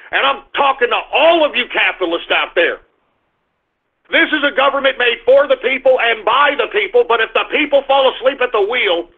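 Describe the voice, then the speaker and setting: A man's voice: extremely high pitch, slightly rough. An older man hosting a political talk radio show, delivering a fiery, repetitive ranting monologue over tinny phone-like audio.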